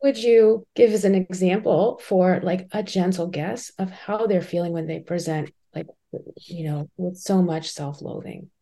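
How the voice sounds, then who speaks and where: A woman's voice: fairly low pitch, measured pace, dark tone. A woman hosting a podcast, asking questions in a casual way with lots of "like" and "right?". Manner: casual, uses "like" and "right?" often. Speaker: podcast host. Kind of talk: conversational interview.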